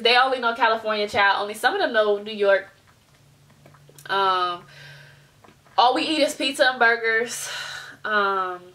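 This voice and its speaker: Bright-voiced young woman ranting to camera. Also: on the high side. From United States. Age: young adult. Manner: animated storytelling, mimics people in other voices. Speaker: vlogger. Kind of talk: casual ranting vlog. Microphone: webcam at desk.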